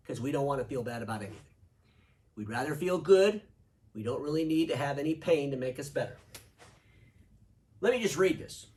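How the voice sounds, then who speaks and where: A man hosting an opinionated video commentary, sarcastic and animated, reading quotes aloud with mock emphasis. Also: medium pitch, moderate pace, far from the mic. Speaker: show host.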